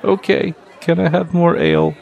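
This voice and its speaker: A man's voice: on the high side, level tone, normal speed, creaky, a little mellow, a faint crowd, voice pushed up. A man voicing an emotional, beer-loving male dwarf in a tabletop game, stammering in a clumsy, childlike way. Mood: pleading. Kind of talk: tabletop role-play in character.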